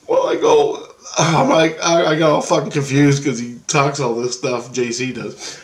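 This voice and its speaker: A man telling a dream story in a rambling, excitable, profane way and acting out the dialogue. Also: on the high side, normal speed, reverberant.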